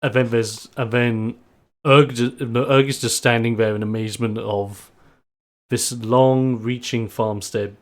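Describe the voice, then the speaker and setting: A man's voice: medium pitch, steady tone, unhurried. A man narrating as game master in a loose, laughing storytelling manner.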